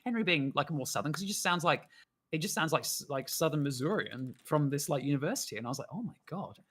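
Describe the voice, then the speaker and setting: A man's voice: a little high, animated, quick pace, fairly bright tone. A man chatting casually on a live stream, rambling, laughing often and swearing freely. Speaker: guest animator.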